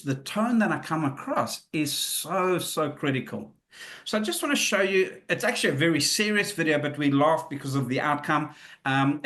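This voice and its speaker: A man leading a webinar, speaking in a fairly high voice. He talks conversationally and acts out the questions and retorts he quotes, shifting his tone for each. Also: fairly bright tone. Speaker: webinar presenter. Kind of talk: live webinar talk.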